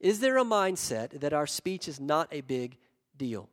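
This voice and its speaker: South Carolina pastor preaching in a reverberant hall. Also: male voice, a little high, very animated. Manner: earnest, emphatic preaching with pauses and repeated phrases. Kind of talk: sermon. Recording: long reverb of a large hall.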